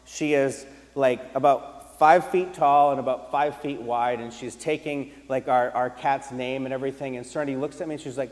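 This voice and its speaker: A man preaching a sermon as pastor, animated and emphatic, repeating key phrases and restarting sentences as he goes. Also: medium pitch, a little fast, few pauses, long reverb tail. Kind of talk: sermon with storytelling.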